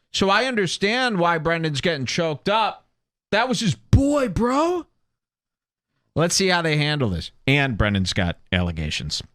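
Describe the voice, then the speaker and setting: A man's voice: fairly high pitch, sharp tone, no echo, studio quality. A man hosting a comedy podcast, giving sarcastic, mocking commentary on a video clip. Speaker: podcast host.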